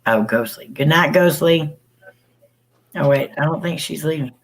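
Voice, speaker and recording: A man co-hosting a casual livestream, chatting with viewers, laughing often and spelling words out slowly. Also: a little high, poor audio. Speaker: livestream co-host.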